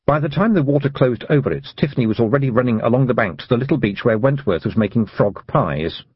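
A man narrating an audiobook for young readers in a lively, expressive reading style. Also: medium pitch, fast, breathy edge, no echo, muffled recording. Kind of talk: scripted storybook narration.

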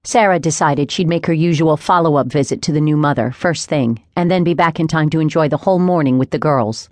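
A woman with a notably low voice narrates a scripted audiobook in a steady, measured manner. The recording is close and dry, with no room sound and no echo.

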